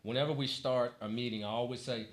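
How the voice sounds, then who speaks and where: A man's voice: medium pitch, steady tone, fast talker. A man from Washington, D.C., a Toastmasters club president, giving a motivational speech in a church hall with humorous stories and a preacher-like close. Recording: echoey hall with faint noise.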